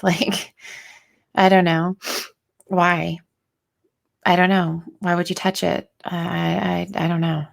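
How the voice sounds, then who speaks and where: A woman's voice: mid-range voice, level tone, takes it slowly, vocal fry, pauses often. A woman co-hosting a podcast in casual talk, questioning and chatty, laughing lightly between points. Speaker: podcast co-host. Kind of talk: casual true-crime discussion.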